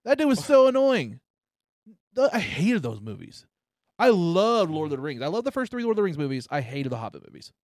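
A man's voice: a little high, a little fast, no echo, clean studio sound. An American man hosting a podcast, joking crudely and animatedly with his co-host. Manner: profane, animated, jokey. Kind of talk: crude casual podcast banter.

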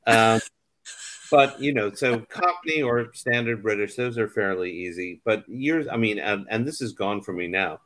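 A man's voice: fairly low pitch, animated, moderate pace, few pauses, a bit bright. A man in his fifties, a theater director, chatting casually and telling anecdotes as a guest. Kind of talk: casual conversation.

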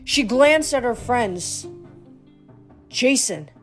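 A woman's voice: medium pitch, expressive, moderate pace, faint music behind. Woman reading a fantasy novel aloud. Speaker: audiobook reader. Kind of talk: storybook reading.

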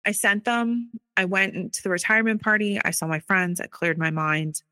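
An earnest woman recounting her personal story in testimony style. Her voice sits a little low, yet it is bright and forceful. She is recorded dry, close and with no room sound. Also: dry recording. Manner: earnest, recounts events quickly with acted quoted dialogue. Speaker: interviewee sharing her story.

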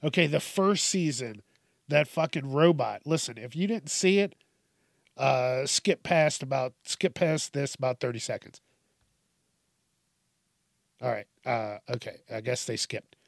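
A man's voice: medium pitch, expressive, a little slow, vocal fry, pauses often, no echo, clean studio sound. A man hosting casual comedic news commentary, swearing often, laughing and riffing on stories.

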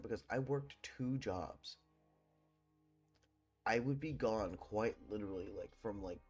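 A man's voice: fairly low pitch, a little mellow, breathy edge. A young man hosting a podcast, rambling through a personal ghost story with lots of swearing and fillers. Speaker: podcast host. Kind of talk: casual storytelling.

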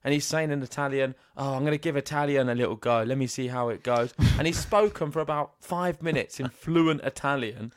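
A man's voice: medium pitch, brisk, hardly any pauses, smooth, no room sound. A man co-hosting a podcast, talking about tennis in an emphatic, building way. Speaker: podcast co-host. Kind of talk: casual tennis chat.

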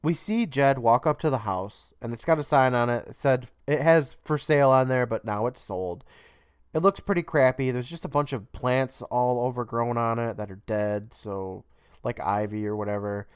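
Man, podcast co-host, casual recap, swears freely, smooth resonant voice, dry sound. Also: mid-range voice, moderate pace, no room sound. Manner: laid-back, swears freely, laughs often.

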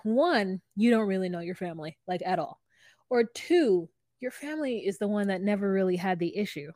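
A woman's voice: medium pitch, no room sound, clean studio sound. A woman co-hosting a podcast, chatting casually and laughing as she retells scenes from a reality show. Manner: lively, laughs often, quotes the show's people in voices. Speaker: podcast co-host.

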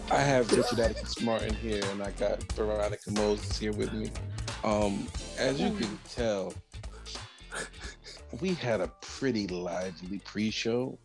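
A man's voice: on the low side, a little slow, gravelly, over music. A young man hosting a podcast in casual, playful chat, joking and laughing with his co-hosts. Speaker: podcast host.

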